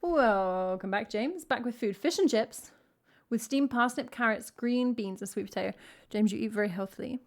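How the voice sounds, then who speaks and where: A woman's voice: on the high side, moderate pace. A woman from England, a singer-songwriter chatting playfully with wry jokes between songs on her live stream. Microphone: headphones and stream mic.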